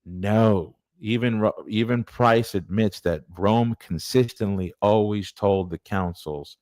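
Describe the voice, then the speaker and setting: A man's voice: fairly low pitch, slow pace, few pauses, a little mellow, dry recording. A man presenting church history in an earnest, digressive, conversational lecture. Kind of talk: casual lecture.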